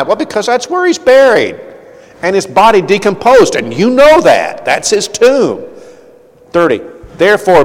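A male preacher with a slightly high voice delivers an earnest sermon. He often repeats words, and his delivery swings between loud, emphatic passages and quiet asides. A long reverb trails after every phrase.

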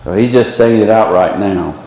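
A man teaches a small church Bible class in a loose, conversational way, stopping to restart his sentences. His voice sits on the low side. The room is very echoey, with a long reverb tail. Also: moderate pace, mellow. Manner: conversational, with frequent fillers and restarts.

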